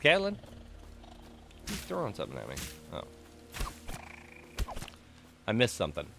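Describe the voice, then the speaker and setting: A man streaming a game, chatting casually and telling stories in an animated, ranting way, swearing freely. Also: deep voice, moderate pace, vocal fry, music in the background. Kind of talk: casual live-stream chat while gaming.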